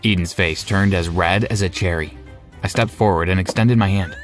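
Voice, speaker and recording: Low-voiced male story narrator. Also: brisk, soft background music. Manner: steady, conversational.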